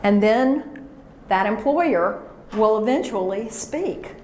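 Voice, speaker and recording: A woman's voice: mid-range voice, lively intonation, slow pace, darkish tone, slight background noise. A woman leading a workshop, coaching a live audience with energy and call-and-response chants. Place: large room with an audience. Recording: echoey room recording.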